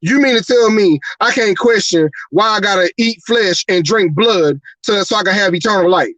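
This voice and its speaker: A man's voice: high voice, moderate pace, fairly bright tone, dry recording, poor audio. A man hosting a live podcast, delivering an angry, profane rant full of repeated rhetorical questions. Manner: profane, rhetorical, repeating "you mean to tell me". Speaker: podcast host.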